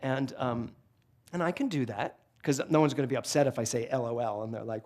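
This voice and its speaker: A male minister delivering a sermon in a church, telling humorous stories in an animated, joking way into a handheld microphone. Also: mid-range voice, fairly quick. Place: church sanctuary before a congregation.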